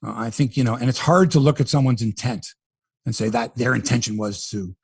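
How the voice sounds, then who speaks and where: A middle-aged man hosting a sports podcast, talking in an animated, profane, ranting way. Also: medium pitch, a little fast, breathy edge. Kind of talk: casual sports talk.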